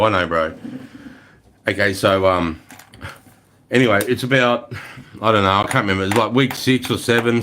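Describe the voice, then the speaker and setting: A middle-aged Australian man chatting casually on a livestream, swearing freely as he tells stories. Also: fairly low pitch. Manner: swears freely, relaxed storytelling. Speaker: livestream host.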